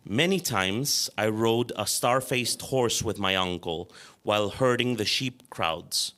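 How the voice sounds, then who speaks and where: Man, author reading his story, slow, bright tone. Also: on the low side. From Chile. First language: Spanish. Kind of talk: reading his own fiction aloud.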